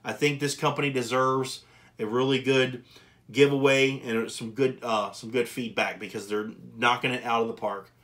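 A man's voice: medium pitch, fairly even intonation, moderate pace, fairly bright tone. A man hosting his own channel, giving an emphatic, upbeat product review straight to camera and repeating words for emphasis.

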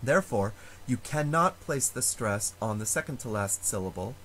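A man at an ordinary pitch gives a recorded Latin lecture, his voice rising and falling in a lively way as he works through the rules. He explains slowly and with care, sounding out each example word, over a faint hiss of background noise. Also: rough recording. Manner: slow, careful explanation with spoken examples. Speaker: Latin teacher.

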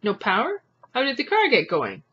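Gruff, irritable storybook father, voiced by a male reader, husky growl. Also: very high voice, wildly swooping pitch, normal speed, bright, forceful tone, muffled recording, pitched above the performer's own voice, exaggerated voice. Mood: gruff, annoyed. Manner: growling, swearing, sneering. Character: gruff irritable Chinese immigrant father, bone collector.

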